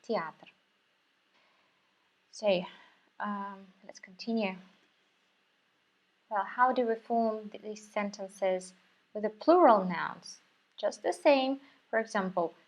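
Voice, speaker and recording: Female language teacher, Russian accent, very unhurried delivery, patient and repetitive, slightly dull recording. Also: mid-range voice, a bit bright. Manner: patient, repeats words slowly for learners. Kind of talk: slow, careful language lesson.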